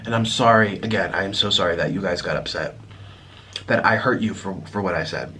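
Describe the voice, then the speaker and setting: A man vlogging to camera, talking in a reflective, apologetic way with many restarts, pausing to eat. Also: sits low, bright, forceful tone, slight background noise. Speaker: mukbang vlogger. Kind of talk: casual confessional talk to camera.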